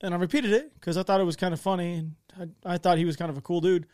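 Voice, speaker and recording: A young man with a high voice talks quickly, rambling through a story and breaking off his own sentences. He is on a dry, close mic. He acts out the voices of the people in the story, and his pitch stays high. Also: fairly even intonation, a little mellow, dry recording. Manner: rambling, self-interrupting, acts out quoted voices. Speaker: podcast co-host telling a military story. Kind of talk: casual storytelling chat.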